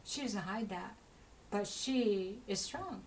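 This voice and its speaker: A woman's voice: mid-range voice, slow, slight background noise, rough recording. A woman giving a casual spoken tarot reading, chatty and rambling, with many asides to the listener and an encouraging tone. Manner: chatty, rambling, full of "you know" asides; encouraging, talks straight to the listener. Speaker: tarot reader.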